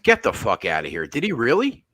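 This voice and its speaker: A man's voice: medium pitch, wildly swooping pitch, brisk, sharp tone. A man co-hosting a casual betting podcast, asking questions in an easygoing way.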